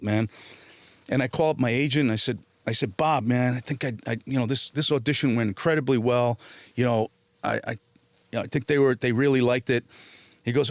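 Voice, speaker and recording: A man's voice: medium pitch, fairly quick, no room sound. A middle-aged man born in Italy and raised in New Jersey, telling a story in a casual interview, acting out the other voices and swearing freely. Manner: animated, acts out quoted voices, swears freely. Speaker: actor guest.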